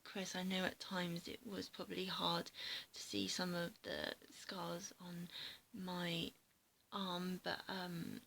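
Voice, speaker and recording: Tearful woman with heavy vocal fry. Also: on the low side, fairly even intonation, a bit bright, a little hiss or hum, low-quality recording. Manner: halting, often breaking into a breathy half-whisper. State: tearful, emotional. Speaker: vlogger. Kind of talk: heartfelt personal vlog message. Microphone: handheld camera mic.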